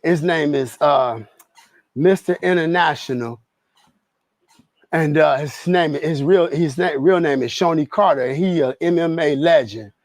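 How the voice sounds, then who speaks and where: High-voiced man chatting on a treadmill. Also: a little slow, dry recording. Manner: loose, laughing storytelling in slang. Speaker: streamer. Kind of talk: casual livestream chat. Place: home garage gym on a treadmill.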